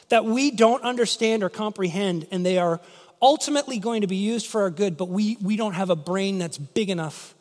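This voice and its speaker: A man preaching a sermon, telling stories in an animated way and acting out the voices in quotes. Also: high-pitched. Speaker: pastor. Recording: long hall reverb.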